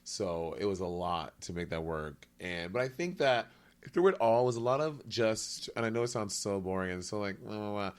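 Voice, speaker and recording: A man from New York City, a podcast guest in casual chat, telling stories in an animated, self-mocking way. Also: on the low side, moderate pace.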